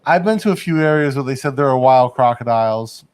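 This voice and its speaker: A man's voice: mid-range voice, expressive, brisk, smooth. A man hosting a casual livestream chat from a studio in Bangkok. He rambles, laughs often and hedges his points. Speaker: livestream host.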